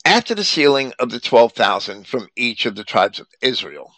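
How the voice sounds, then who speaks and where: Bright-voiced man explaining scripture. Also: mid-range voice, sing-song, moderate pace, hardly any pauses, no room sound. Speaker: Bible commentator.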